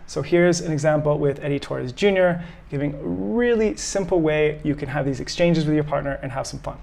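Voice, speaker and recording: A man teaching salsa in a voice-over, explaining clearly and calling out the moves as the dancers hit them. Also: on the high side, a little fast, hardly any pauses, darkish tone. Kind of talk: instructional voice-over commentary.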